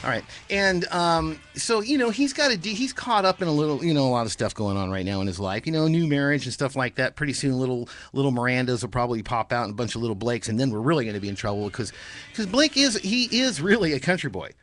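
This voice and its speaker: A man's voice: mid-range voice, lively intonation, fast talker, a bit bright. A man hosting a live call-in radio show, rambling with restarts and casual swearing.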